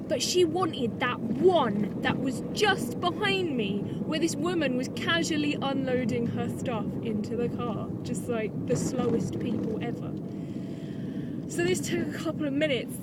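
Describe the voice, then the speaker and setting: A young woman from France tells everyday stories in a loose, chatty way and laughs easily. Her voice sits a little high. Loud street and traffic noise runs underneath the whole recording. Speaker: vlog co-host. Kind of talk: casual chat. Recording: loud noisy outdoor ambience.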